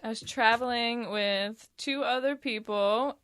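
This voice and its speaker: A woman's voice: mid-range voice, expressive, moderate pace, a bit bright, no echo, studio quality. A woman co-hosting a casual podcast, rambling through stories and laughing as she talks. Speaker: podcast co-host. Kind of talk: casual chat.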